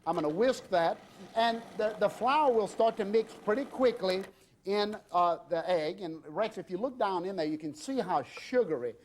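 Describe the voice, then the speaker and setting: At a normal speed and with lively intonation, a drawling middle-aged chef from Louisiana leads a cooking demonstration in a voice that sits notably high for a man. His delivery is loose and unscripted, packed with fillers, as he trades cheerful jokes with guests and crew between recipe steps.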